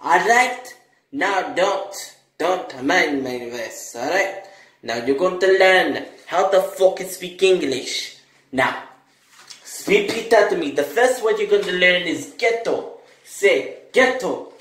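A performer voicing a crude, foul-mouthed, bossy male teacher who barks slow commands in a one-person comedy skit. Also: medium pitch, animated, fairly bright tone, reverberant, poor audio.

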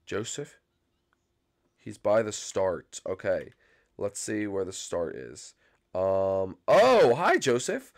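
Animated young man yelping over gameplay. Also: on the low side, slow, creaky. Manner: frantic yelping and screaming when chased. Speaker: gaming channel host. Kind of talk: excited gameplay commentary.

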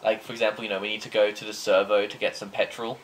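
A man's voice: on the low side, flat delivery, fairly quick, fairly bright tone, a little hiss or hum, low-quality recording. A young man with an Australian accent chatting casually and joking with a friend. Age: young adult. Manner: laid-back, joking, trailing off. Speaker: vlogger. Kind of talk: casual chat.

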